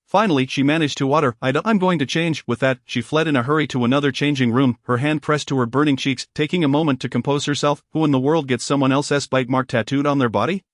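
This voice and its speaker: A man narrates a romance novel in a steady, smooth audiobook reading at a middling pitch. The recording is dry and close, with no room sound. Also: fast, hardly any pauses, no echo.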